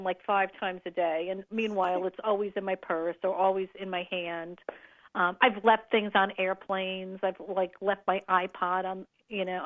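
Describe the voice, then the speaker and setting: Radio guest, woman, mid-pitched, rambling storyteller over a thin phone line. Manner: rambling, many restarts and fillers. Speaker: travel show guest. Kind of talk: casual radio chat.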